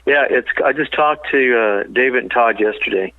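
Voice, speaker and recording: A man, a songwriter and business partner, telling rambling, animated stories in a phone-in interview. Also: mid-range voice, normal speed, creaky, dry recording. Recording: tinny phone line.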